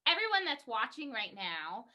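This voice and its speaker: A woman hosting a casual podcast, upbeat and friendly as she thanks her guest. Her voice is high and bright, with a crisp, forward tone. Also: very animated, moderate pace. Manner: upbeat, wraps up the show. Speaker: podcast host. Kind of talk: casual chat.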